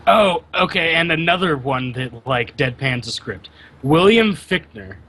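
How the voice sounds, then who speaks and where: A man's voice: a little high, expressive, a little slow, sharp tone, poor audio. A man co-hosting a podcast in casual chat, blunt and dismissive. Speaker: podcast co-host.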